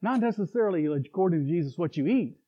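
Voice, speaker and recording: A man's voice: high-pitched, lively intonation, fast talker, slightly rough. A middle-aged man preaching a sermon in a conversational way, with chuckles and asides. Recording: tinny phone-like recording.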